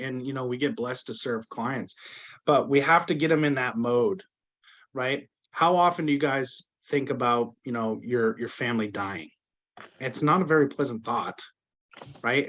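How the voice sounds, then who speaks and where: A man's voice: mid-range voice, a bit bright. A man leading a sales training session, talking directly to his team in a conversational, coaching way.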